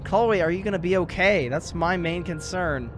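A man's voice: high-pitched, moderate pace, faint music behind. A man hosting a let's play, reacting emotionally and sympathetically as he comments on the game.

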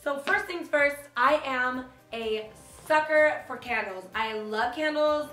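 A young woman chatting casually to the camera as a beauty vlogger, animated and full of fillers like "like", filmed in a hotel room. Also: high-pitched, slow pace. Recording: echoey room with faint music.

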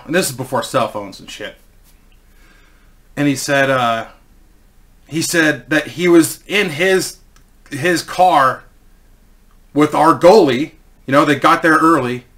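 Bright-voiced man telling a profane story. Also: a little high. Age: 40s. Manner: profane, rambling. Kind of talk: casual storytelling.

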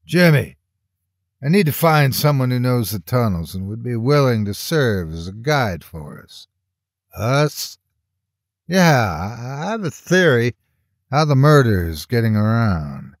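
A man's voice: mid-range voice, big pitch swings, a little slow, no room sound, clean studio sound. A man doing a weary old detective. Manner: tired, earnest. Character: weary veteran male detective near retirement.

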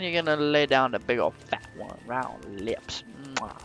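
A man's voice: medium pitch, animated, normal speed, hardly any pauses, a bit bright, muffled recording, faint music behind. A man giving goofy, rambling commentary over a game he is playing, full of jokey asides. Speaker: let's play gamer. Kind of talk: casual gameplay commentary. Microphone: desktop microphone.

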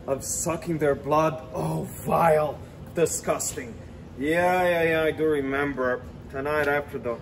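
A man's voice: fairly high pitch, a little hiss or hum, rough recording. A man voicing a drunk, sleepy male vampire count who grumbles and protests theatrically, on a city street outdoors. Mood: indignant.

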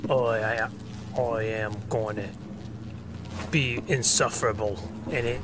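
A man doing a jokey, loud mock-British voice over a game. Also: mid-range voice, noisy background, voice pushed down, natural voice. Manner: jokey, loud put-on accent.

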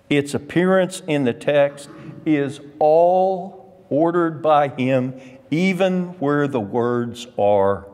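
A man teaching Scripture to a class, moving slowly and deliberately through each point. His pitch swings widely as he draws out and leans on key words. His voice trails in a long hall reverb. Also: a little mellow. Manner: emphatic, drawn-out stresses on key words. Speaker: Sunday school teacher.

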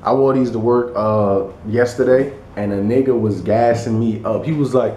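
A young man chatting casually to the camera in his bedroom, animated and slangy, laughing as he tells stories. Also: medium pitch, fairly quick, few pauses. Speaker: vlogger. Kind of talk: casual vlog chat. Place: bedroom indoors. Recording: echoey room with faint noise.

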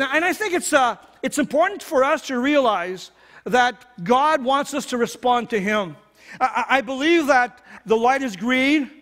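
Man, pastor, sermon, high-pitched, earnest conversational delivery, long reverb of a church hall. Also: fairly bright tone. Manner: earnest, conversational preaching with many restarts. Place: church sanctuary.

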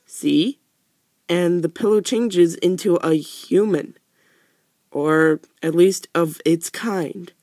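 Slow joking let's play man. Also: sits high, a little mellow, dry recording. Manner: joking, teasing the characters. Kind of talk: casual gameplay commentary.

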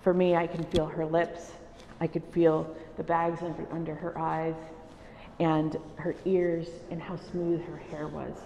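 Her voice sits low with little pitch movement, gravelly and dark, at a measured pace: a middle-aged wood carver from El Salvador reflecting on her life in interview. The exhibition hall recording is reverberant and dull, with a bit of hiss or hum.

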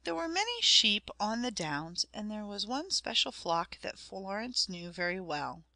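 A woman reading a story aloud as a narrator, in a measured storytelling manner that speaks to the listener. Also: mid-range voice, sing-song, gravelly, sharp tone, dry recording. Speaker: audiobook narrator. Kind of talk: scripted narration.

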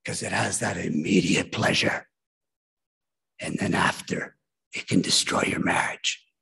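A male pastor delivering a sermon in church with a gravelly, husky voice. He preaches emphatically and keeps urging the congregation to listen. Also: sits low, steady tone, unhurried, sharp tone.

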